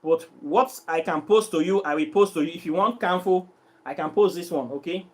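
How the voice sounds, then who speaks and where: A Nigerian man with a high voice and a Nigerian accent that drifts into Pidgin, speaking to his channel's viewers. He vents in an exasperated, repetitive way, circling back to the same complaint again and again. It comes across as an unscripted vlog rant. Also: brisk. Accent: Nigerian, mixing in Pidgin. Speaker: vlogger selling herbs and spiritual products.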